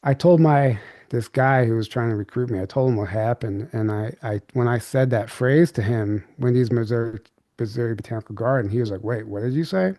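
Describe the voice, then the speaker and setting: Guy rambling thru a weird story on a podcast, mellow voice, dry sound, lots of "like". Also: medium pitch, steady tone, brisk, dry recording. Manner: rambling, filler-heavy recounting with many restarts. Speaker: podcast guest. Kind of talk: candid storytelling.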